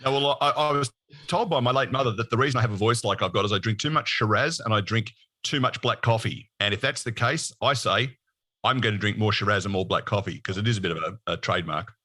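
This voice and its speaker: Aussie bloke in his 60s, guest on a podcast, bright voice, laid back and joking at himself. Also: on the low side, quick pace, no room sound. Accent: Australian. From Australia. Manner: relaxed, self-deprecating humor. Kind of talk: casual podcast chat.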